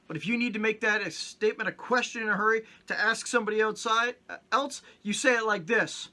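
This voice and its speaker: A man's voice: sits high, pushed and bright. A middle-aged man from Canada hosting a casual comedic vlog, joking and acting out little mock-stern scenes. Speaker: vlogger host.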